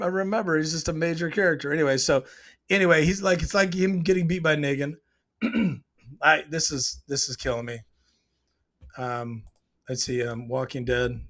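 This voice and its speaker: Man giving an animated, rambling TV recap. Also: on the high side. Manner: rambling, animated, frequent throat clearing. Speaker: show host. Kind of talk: emotional TV episode recap.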